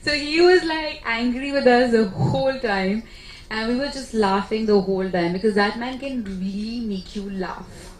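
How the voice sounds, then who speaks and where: Actress at a press meet, animated storyteller, slightly high voice, roomy echo. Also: female voice, normal speed. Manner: chatty, animated storytelling with laughs. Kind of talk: casual press conference answers. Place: press conference room. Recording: echoey room, faint background noise.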